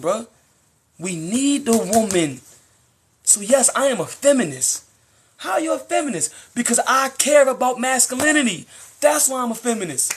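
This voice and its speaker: Young American man, lively slangy live-streamer, high and husky. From United States. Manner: animated, slangy, preachy. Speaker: livestreamer. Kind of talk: casual live-stream monologue.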